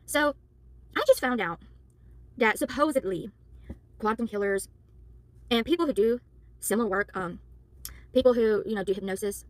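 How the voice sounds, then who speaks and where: A tired, worn-out woman who works as a spiritual worker and tarot reader, ranting to camera in a heated, exasperated way and apologizing for yelling. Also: fairly high pitch, moderate pace, pauses often, no echo.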